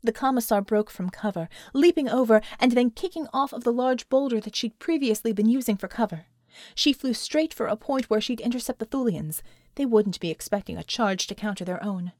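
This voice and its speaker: A woman reading an action story aloud as narrator, steady and measured. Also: on the high side, no echo, clean studio sound. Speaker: audiobook narrator. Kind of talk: scripted narration.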